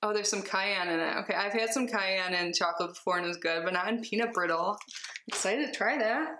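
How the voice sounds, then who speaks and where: A young woman chatting casually as she unboxes a subscription box at home, bubbly and excitable with giggly asides. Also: mid-range voice, a little fast, echoey room, a little hiss or hum. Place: home, with cats.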